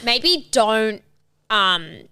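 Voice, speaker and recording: A young woman co-hosting a podcast in casual chat, animated and sweary, summing up for listeners. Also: on the high side, drawn-out words, clean tone, no room sound, studio quality. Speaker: podcast co-host.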